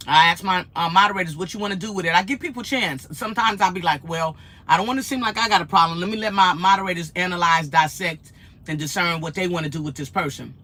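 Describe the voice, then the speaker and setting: A woman, vlogging in an animated, chatty way and telling stories. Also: fairly low pitch, fast talker. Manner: animated, laughs often, acts out quotes. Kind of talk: casual chatty storytelling.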